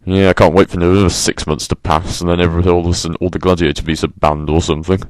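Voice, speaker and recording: Brief: a low-voiced man ranting sarcastically into a dry, close mic. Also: little pitch movement, fast, no echo. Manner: exasperated, sarcastic, swears freely. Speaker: vlogger. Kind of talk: ranting monologue.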